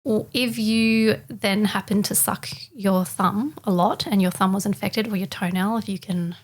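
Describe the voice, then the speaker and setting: A woman with a mid-range voice chats casually on a panel. She explains things informally, with lots of "kinda" and "like", keeping the tone relaxed. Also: medium pitch, normal speed. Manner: chatty and informal, says "kinda" and "like".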